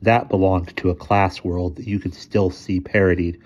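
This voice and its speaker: A man reading a short story aloud in a steady, measured way. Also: deep voice, dull audio. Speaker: story reader.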